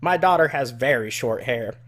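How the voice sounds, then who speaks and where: A man voicing a flustered redneck woman caller with an Arkansas accent, talking slowly and accusingly and repeating herself. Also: medium pitch, expressive, a bit bright. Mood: insistent.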